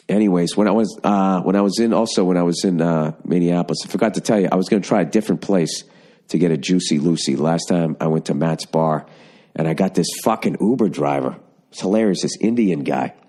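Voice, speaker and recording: Deep voiced guy on his podcast just rambling and cursing, super casual. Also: mellow. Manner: rambling, profane storytelling. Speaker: podcast host. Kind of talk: casual chat.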